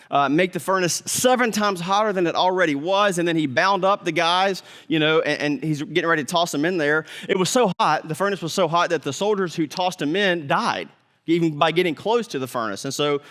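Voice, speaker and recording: A man's voice: high voice, a bit bright, in a large hall. A man preaching a sermon as pastor, in a conversational way, sometimes acting out the people in the story. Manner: conversational preaching, acts out voices.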